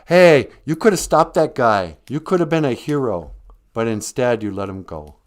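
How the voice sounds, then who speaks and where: A gruff, crooked wrestling promoter who waves people off, put on by a male storyteller. His voice swings from loud barks to low mutters. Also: expressive, normal speed, lightly acted. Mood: scolding. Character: crooked, dismissive middle-aged wrestling promoter.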